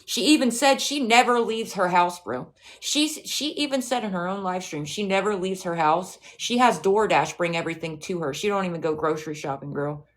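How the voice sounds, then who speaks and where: A woman's voice: lowish voice, normal speed, few pauses. A woman livestreaming, ranting at a rival and her chat in a profane, confrontational way, with mocking, scornful asides.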